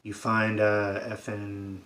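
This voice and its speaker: A man's voice: fairly low pitch, monotone, takes it slowly, sharp tone, a little hiss or hum. A man giving a sarcastic, profane comedic rant about a film, acting out characters' lines as he goes. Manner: sarcastic, swears a lot, acts out characters' lines.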